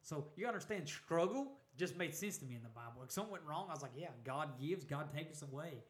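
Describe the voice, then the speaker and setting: Higher-voiced guy, animated explainer, echoey room, casual. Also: fast talker. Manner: animated, preacher-like explaining with "you know" asides. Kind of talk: casual chat about the Bible.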